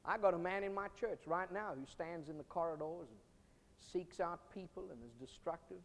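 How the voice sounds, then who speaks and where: A man preaching a sermon as pastor, emphatic, swinging from loud bursts to quiet storytelling. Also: high voice, moderate pace. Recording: long hall reverb.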